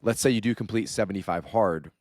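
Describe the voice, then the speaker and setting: A man co-hosting a fitness podcast, speaking in a measured way with emphatic build-ups. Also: lowish voice, a little mellow, dry recording, clean studio sound.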